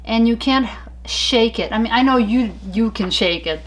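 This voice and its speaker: A woman co-hosting a casual talk show, telling stories in an animated, chatty way with frequent laughter. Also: fairly high pitch, normal speed. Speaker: podcast co-host. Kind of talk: casual chat.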